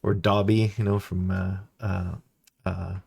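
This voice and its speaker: A man's voice: low-pitched, little pitch movement, a little slow, gravelly, a little mellow, slightly rough. A man chatting casually as a game master host, easygoing and meandering. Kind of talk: casual instructional chat.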